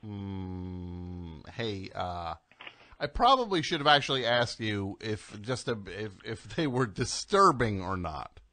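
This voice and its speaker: A man's voice: on the low side, sing-song, slow pace, sharp tone, no echo. A man hosting a comedy radio call-in show, dry and exasperated with a caller. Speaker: radio host.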